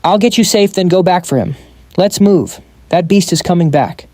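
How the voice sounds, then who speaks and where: A man voicing a brash young man who shouts bluntly and panics as he rushes to help. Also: on the high side, lively intonation, dry recording, close to an everyday voice.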